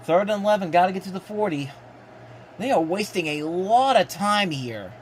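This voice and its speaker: A man hosting a live rewatch, giving excitable play-by-play commentary with frequent restarts. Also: high-pitched, normal speed, slight background noise. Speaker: host live-reacting to a football game. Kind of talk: casual live sports commentary.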